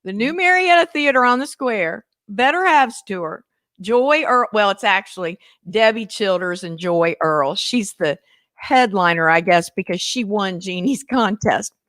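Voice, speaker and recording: A woman humorist, telling stories in casual chat with lively, animated delivery. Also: a little slow, no room sound, clean studio sound. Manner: lively, animated storyteller with big pitch jumps. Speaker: guest humorist.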